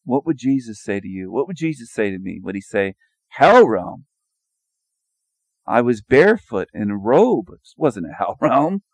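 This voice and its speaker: A man's voice: fairly low pitch, sing-song, moderate pace, few pauses, no echo. A man giving a sarcastic, mocking monologue over images, firing rhetorical questions and repeating his phrases. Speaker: video commentator.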